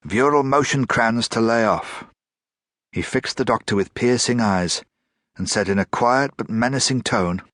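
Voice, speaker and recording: A man with a mid-range voice narrates an audiobook in a steady, measured way, reading scripted text. The recording is dry and of studio quality.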